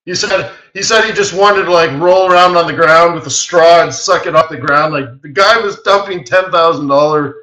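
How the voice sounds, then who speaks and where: A man's voice: fairly high pitch, moderate pace, hardly any pauses, echoey room, low-quality recording. A man hosting a live trading webinar, telling stories with lots of laughter and acted-out quotes. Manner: animated anecdote teller who laughs often and acts out quoted voices.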